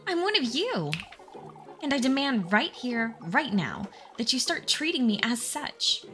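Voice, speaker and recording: A hoarse woman voicing a defiant young village maid who speaks with indignant pride. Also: high-pitched, big pitch swings, measured pace, a bit bright, faint music behind, voice pushed up, heavily acted. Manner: indignant and proud.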